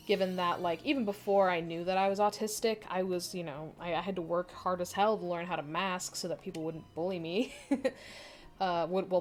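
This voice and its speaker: A woman's voice: lowish voice, a little hiss or hum. A young adult woman chatting casually on a live stream, answering viewer comments in a candid, rambling way with frequent laughs and casual swearing.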